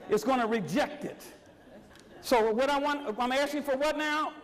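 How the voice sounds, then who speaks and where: A man's voice: very high-pitched, normal speed, big-room sound. A man giving a motivational workshop talk to a live audience, urging them on with repeated calls for energy. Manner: exhorting, repetitive, urging the crowd on. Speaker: motivational speaker. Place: large meeting room with audience at tables.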